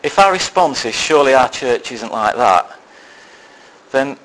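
A man's voice: mid-range voice, lively intonation, unhurried, a bit bright, low-quality recording. A man preaching a sermon, telling a personal story with self-deprecating, dry humour before turning to a serious point. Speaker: lay preacher.

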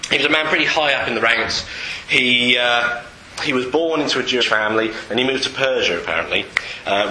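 A male preacher gives an informal sermon in a bright, ringing voice, joking at his own expense as he goes. He talks in a loose, conversational way with plenty of hesitations. The sound is roomy and echoey, with a light hiss underneath. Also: mid-range voice. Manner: conversational, self-deprecating, with many fillers and restarts.

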